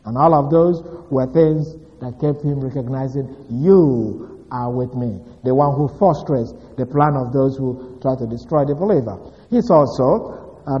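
A male preacher reviewing last week's lesson, pausing on fillers and then pressing hard on single words. His voice carries a long hall reverb, and the recording sounds dull and muffled. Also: on the high side. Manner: deliberate, many "uh" fillers, rises to stress key words. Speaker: pastor. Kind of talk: sermon recap.

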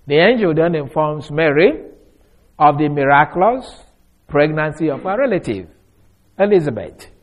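A man teaching through a Bible passage verse by verse, leaning hard on key words and dropping to a quiet aside, often restarting his phrases. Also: fairly high pitch. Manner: emphatic, stretches key words, swings from loud to soft. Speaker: preacher.

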